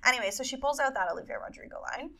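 A woman's voice: sits high, animated, very fast, sharp tone. A woman co-hosting a podcast, chatting casually about a book and retelling scenes with lots of fillers. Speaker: podcast co-host. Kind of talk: casual book-club chat.

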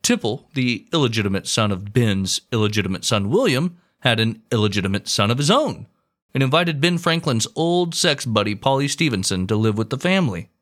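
A man's voice: medium pitch, expressive, a little fast, fairly bright tone. A man hosting a comedic history podcast, narrating the story with wry, profane asides.

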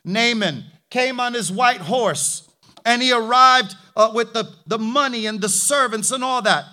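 A man's voice: very high-pitched, a little slow, bright, forceful tone. A man preaching a sermon in an emphatic, rhetorical way, calling out hallelujah and asking for an amen.

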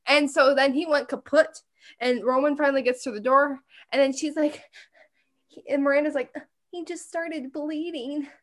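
A woman's voice: sits high, steady tone, normal speed, a bit bright. A woman co-hosting a podcast, casually recapping a TV episode with blunt, sarcastic, profane remarks. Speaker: podcast co-host.

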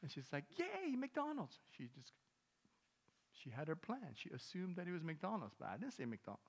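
A male pastor preaches to his congregation in a relaxed, conversational way, slipping into the voices of the people in his stories. His voice sits a little high for a man. The sound rings out with a long reverb through a church hall. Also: brisk, creaky, husky. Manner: conversational storytelling, acts out dialogue. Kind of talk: sermon. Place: church sanctuary.

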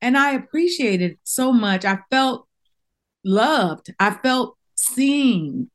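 A woman's voice: a little high, expressive, takes it slowly. A middle-aged woman, a professional singer, talking as a guest in a casual interview, speaking in a heartfelt and openly emotional way.

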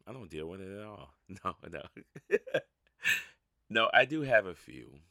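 Deep, gravelly man hosting a solo podcast. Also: sing-song, measured pace, pushed and bright, no room sound, clean studio sound. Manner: rambling, self-mocking, laughs at his own stories. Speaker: podcast host. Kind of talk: casual solo podcast monologue.

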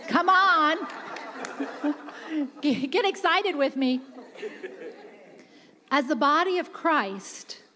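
High-voiced impassioned woman preacher. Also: fairly bright tone. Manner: impassioned, quick-shifting, voices God and the Pharisees in quotes. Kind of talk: sermon. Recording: echoey hall reverb.

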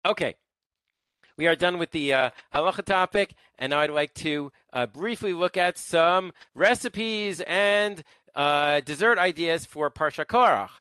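A man teaches an online class, stopping often to search for words and circling back over them. His voice is bright and forward, and the recording sounds close and dry. He keeps a loose, informal classroom manner. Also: on the high side, clean tone, dry recording. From lives in Israel. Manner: halting, with many fillers and restarts.

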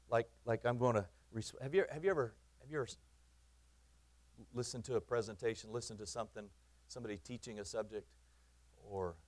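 A man, a pastor preaching in his church, earnest, repeating phrases for emphasis and swinging from loud to quiet. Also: medium pitch. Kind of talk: sermon.

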